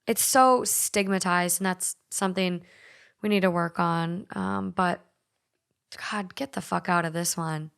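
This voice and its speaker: A woman's voice: fairly low pitch, steady tone, unhurried, gravelly, fairly bright tone, smooth. A young woman with a light Minnesotan accent hosting a podcast, chatting casually, swearing freely and reading listener stories aloud. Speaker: podcast host.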